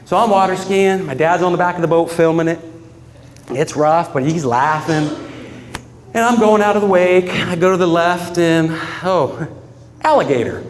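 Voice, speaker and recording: A man's voice: sits high, big-room sound. Man telling stories in a eulogy. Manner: storytelling, often breaking into laughter, earnest. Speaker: son giving a eulogy. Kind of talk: funeral eulogy with personal stories. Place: funeral gathering in a room with mourners.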